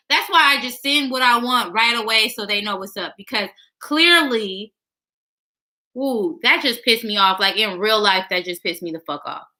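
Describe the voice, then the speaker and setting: A young woman speaks straight to her viewers in a casual vlog. Her voice is high and piercingly bright. She talks bluntly, swears freely and keeps venting her annoyance. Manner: frank, heavy swearing, exasperated ranting. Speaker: vlogger. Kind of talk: casual chat to camera.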